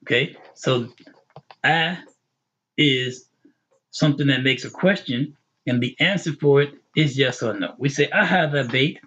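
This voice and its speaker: A man explains Arabic grammar in an online lesson, going over each term more than once. His voice is husky and mid-pitched. The recording sounds dull and lo-fi. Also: fairly bright tone. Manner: patient, repetitive explaining with quick English glosses. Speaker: Arabic teacher.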